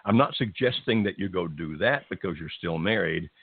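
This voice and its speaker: A man hosting a call-in show, giving gentle, reassuring advice at a calm, steady pace. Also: low-pitched, moderate pace, breathy edge, no echo, phone-quality sound. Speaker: radio advice host.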